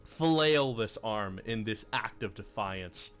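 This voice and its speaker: Slow, lively game master man. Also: lowish voice, faint music behind. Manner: slow narration, laughs often. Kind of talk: narrating a tabletop game.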